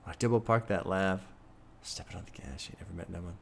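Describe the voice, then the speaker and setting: A man streaming a first-listen album reaction, chatty and excitable, swearing freely as he thinks out loud to his chat. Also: sits low, fast, vocal fry. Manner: excitable, profane, chatty, laughs often.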